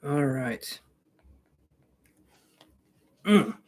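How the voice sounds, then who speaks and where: A man's voice: a little high, animated, drawn-out words. Chatty, joking male tarot reader. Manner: jokey, reassuring, chatty. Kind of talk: live-stream casual chat.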